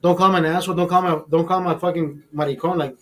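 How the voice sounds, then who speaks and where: Young guy hosting, kinda high voice, rambly and cursing nonstop while he tells a story. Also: steady tone, very fast, fairly bright tone. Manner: profane, rambling, mimics voices. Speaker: host. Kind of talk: casual storytelling monologue.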